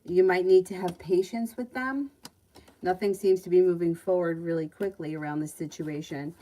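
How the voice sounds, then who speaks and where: A woman's voice: lowish voice, steady tone, normal speed, mellow, low-quality recording. A woman giving tarot readings on a livestream. She reads out viewers' questions and answers them in a chatty way, laughing easily between readings. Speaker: tarot reader.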